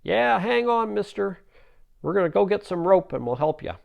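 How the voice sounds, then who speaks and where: An eager, helpful young boy piping up in a high voice, as a man telling the story puts him on. He sounds keen to help and pitched well above the storyteller's usual voice. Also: big pitch swings, normal speed, vocal fry, muffled recording, heavily acted.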